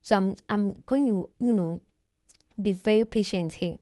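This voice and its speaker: A woman's voice: mid-range voice, unhurried, dark tone, dry recording, clean studio sound. A woman giving a casual screen-share tutorial, reading the on-screen text aloud and explaining each step in a chatty way. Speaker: tutorial creator.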